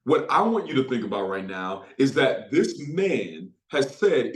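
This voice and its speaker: A man speaking as a motivational speaker, leading a guided visualization with drawn-out pauses and repeated phrases. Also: mid-range voice, sing-song. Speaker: motivational speaker for insurance agents. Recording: echoey room.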